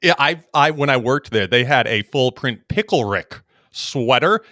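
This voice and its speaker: In clean, dry studio audio, a young male podcast co-host chats casually at a normal speed. His mid-range voice carries lively stories punctuated by plenty of laughter.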